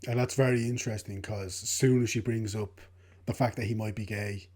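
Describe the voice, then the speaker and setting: A man with a mellow, mid-pitched voice discusses a film on a podcast. He talks in a relaxed, easygoing way, padding his points with hedges and fillers. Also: fairly quick. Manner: relaxed, hedging with fillers, laughs along.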